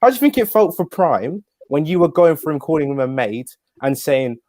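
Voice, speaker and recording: A young man speaks fast and indignantly, tripping over restarts as he presses his point. His voice sits a little high. The sound is dry and close. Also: sing-song, darkish tone, no echo. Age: young adult. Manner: quick, indignant, full of restarts. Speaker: panel guest.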